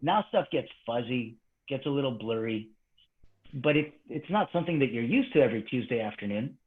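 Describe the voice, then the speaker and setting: A man as an interview guest, telling an animated story and acting out quoted dialogue, his voice swinging between hushed and excited. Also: mid-range voice, fairly quick. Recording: tinny phone-like line.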